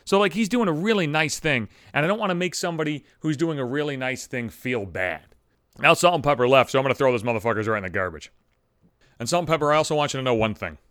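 An animated young man in a medium pitch speaks fast as he delivers a comedic monologue, ranting in exasperation and swearing heavily. His fairly bright voice is captured at home on a studio microphone, with no echo and a clean studio sound.

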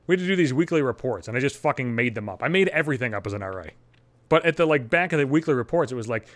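A young adult man telling stories in a blunt, profane, animated podcast rant. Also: mid-range voice, very fast, no room sound. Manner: blunt, heavy swearing, animated. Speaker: podcast host.

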